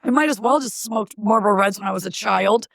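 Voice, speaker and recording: Raspy, gravelly woman co-host. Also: mid-range voice, brisk, no echo, clean studio sound. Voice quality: scratchy voice. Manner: lively, laughs often. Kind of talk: casual chat.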